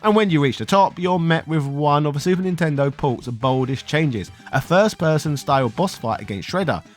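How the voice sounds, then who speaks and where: Playful man narrating a game documentary. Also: a little high. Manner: playful, punchy delivery with wry asides.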